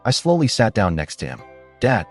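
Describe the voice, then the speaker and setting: A man giving scripted, expressive narration of a first-person story. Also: on the low side, normal speed, faint music behind.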